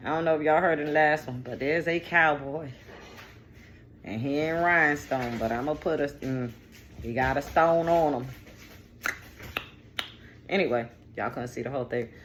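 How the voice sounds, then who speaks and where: A woman's voice: deep voice, normal speed, long pauses, slight background noise. Chatty, cussing woman reading tarot. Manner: chatty, digressive and profane, with slang. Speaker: tarot reader.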